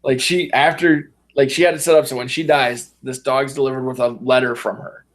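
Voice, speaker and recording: A man's voice: medium pitch, flat delivery, fairly quick. A man in casual podcast chat, animatedly retelling movie scenes and acting out the characters in voices. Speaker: podcast co-host.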